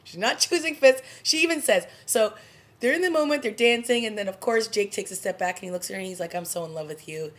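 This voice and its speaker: A woman casually recapping a TV drama episode for her vlog, animated, laughing often and throwing in dramatic asides. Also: a little high, fast talker. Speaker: TV review vlogger.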